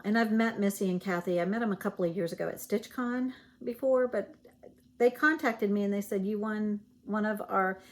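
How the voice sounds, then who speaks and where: A woman with a Southern US accent chatting casually as she shows stitching goodies in a vlog, rambling with fillers and self-corrections. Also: mid-range voice. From Virginia, US. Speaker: cross-stitch vlogger. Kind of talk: casual show-and-tell chat.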